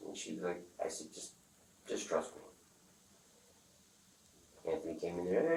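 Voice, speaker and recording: A man telling a rambling, profane story in casual talk, acting out the other people's lines loudly. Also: deep voice, steady tone, normal speed, creaky, pauses often. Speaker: interviewee. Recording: echoey room, far from the mic, faint noise.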